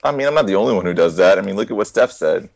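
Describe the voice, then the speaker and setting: A man co-hosting a podcast in casual chat, with a gravelly voice and a wry manner. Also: on the low side, expressive, rapid-fire, dry recording. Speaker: podcast co-host.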